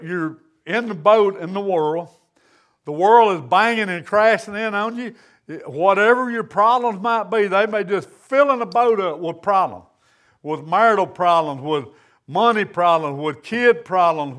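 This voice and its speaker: A man with a high voice preaches a sermon to his congregation. He speaks earnestly in plain, folksy grammar. His delivery rises and falls in a steady preaching cadence.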